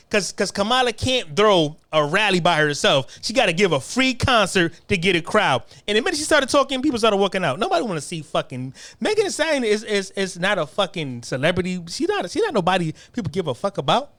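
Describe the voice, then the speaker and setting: A man's voice: high voice, big pitch swings, a little fast, hardly any pauses, a bit bright, no room sound. A man delivering a crude, heated political rant, often stammering repeated words. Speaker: political commentator.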